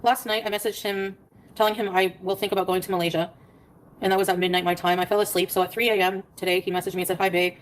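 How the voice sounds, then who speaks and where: Fast-talking woman reading out her messages. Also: mid-range voice, little pitch movement, poor audio. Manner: rapid storytelling, reading out text messages. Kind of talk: casual livestream chat.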